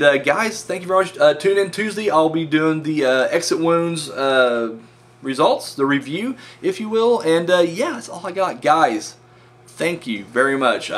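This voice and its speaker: A man's voice: fairly high pitch, fairly bright tone. A man hosting a casual wrestling countdown vlog, rambling with frequent fillers and correcting himself as he goes. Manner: casual and joking. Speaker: wrestling review vlogger.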